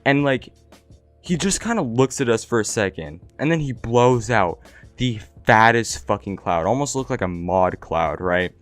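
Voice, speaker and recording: A man's voice: medium pitch, lively intonation, moderate pace, no echo. A young man casually telling a story, slangy and profane, with lots of "like" and "right?" fillers. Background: faint background music.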